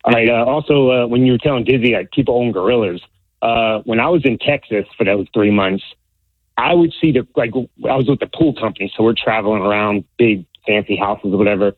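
A man's voice: medium pitch, fairly quick, no room sound. A man calling in to a radio show, telling laid-back stories in casual chat. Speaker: caller. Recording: tinny phone line.

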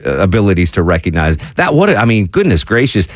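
A man's voice: sits low, sing-song, slight background noise. A man hosting a live radio talk show, joking and chatting casually with a caller and his producer. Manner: jokey, quick, ad-libbing with filler. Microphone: studio microphone.

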